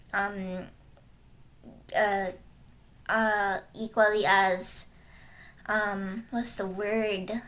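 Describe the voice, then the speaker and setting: A woman's voice: medium pitch, a bit bright. A young woman streaming casual chat while she studies, stopping often to search aloud for the right word. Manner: halting, searches aloud for words.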